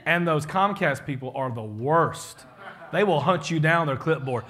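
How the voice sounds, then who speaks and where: A man's voice: a little high, normal speed, fairly bright tone. A man, a pastor giving a casual, joking leadership talk to his congregation and acting out the people he quotes.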